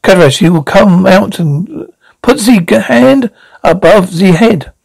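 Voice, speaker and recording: A man voicing a brutish male comic-book strongman villain, halting and stumbling over his words. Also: high voice, expressive, vocal fry, a little mellow, breathy edge, dry recording, exaggerated voice. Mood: threatening.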